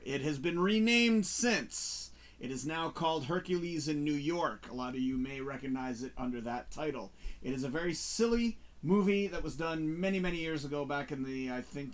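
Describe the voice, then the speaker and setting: A man hosting a casual talk show, chatting about movies in an animated, rambling way. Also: fairly high pitch, normal speed, few pauses. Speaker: show host reviewing movies.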